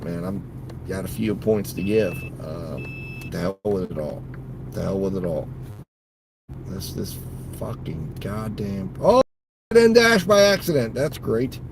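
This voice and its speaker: A man who drives for a delivery app, talking casually to viewers from his car, swearing freely and swinging between muttered grumbling and loud outbursts. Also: fairly low pitch, background noise. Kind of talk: casual vlog while driving.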